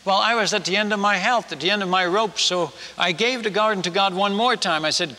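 A missionary delivers a sermon built around storytelling, speaking haltingly and mocking himself as he goes. He often stumbles and repeats his words. His voice is high-pitched and sharp, and the sound carries the feel of a big room.

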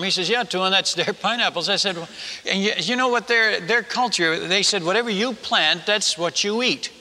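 An older man, a missionary preacher, telling a story in a sermon and acting out the people he quotes. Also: high voice. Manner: animated, acts out quoted villagers. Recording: reverberant hall.

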